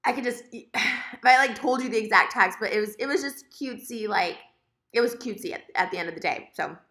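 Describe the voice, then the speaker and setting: Woman, vlogger, rambling storytime rant, rapid talk, bright tense voice. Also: on the high side. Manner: rambling, heavy on filler words, emotional. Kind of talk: casual storytime rant to camera.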